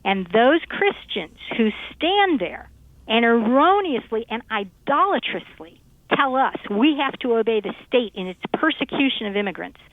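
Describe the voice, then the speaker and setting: A woman speaks fiercely and emphatically over a tinny phone line, her voice set fairly high. She preaches with conviction, hammering home each point, and the sound is dry and close. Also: very animated, moderate pace, no echo. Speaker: radio show guest. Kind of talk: impassioned call-in talk.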